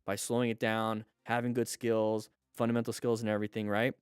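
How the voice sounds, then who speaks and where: A man hosting commentary on riding videos, coaching like an instructor. He asks questions and answers them himself, and breaks into excited exclamations at near misses. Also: lowish voice, a little fast, clean tone, no room sound, faint music behind. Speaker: motorcycle riding instructor and host.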